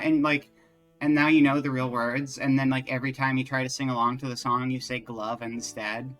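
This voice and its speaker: A chatty man live-streaming a game, rambling loosely with lots of "like" and self-mocking asides. His voice is bright and clear, with faint game music underneath. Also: medium pitch, little pitch movement, moderate pace. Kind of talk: casual live-stream chat while playing.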